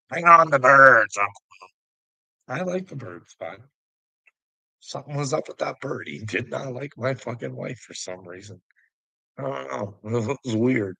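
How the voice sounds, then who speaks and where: A man with a gravelly, fry-laden voice and a sharp, forceful edge, ranting in a loose and profane way. He keeps chuckling at his critic, mocking him and calling him "bud". The sound is close and dry. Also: medium pitch, expressive, measured pace, pauses often, no room sound, poor audio. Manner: mocking, chuckling often, calls the listener "bud"; profane and taunting. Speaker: vlogger answering a critic. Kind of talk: casual rambling rant.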